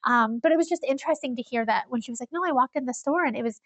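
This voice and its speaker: A woman co-hosting a casual podcast, telling stories in an animated way and laughing often. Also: high-pitched, very fast, no echo. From Iowa. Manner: animated storyteller, laughs often, acts out quoted people. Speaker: podcast co-host.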